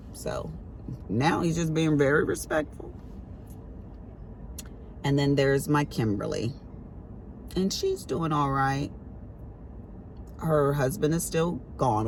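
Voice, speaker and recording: A middle-aged woman telling family stories to her viewers in a casual vlog, acting out what she said to her grown kids with sharp exclaimed quotes. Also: rumbling low, slight background noise. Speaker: vlogger. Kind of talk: casual chat to camera.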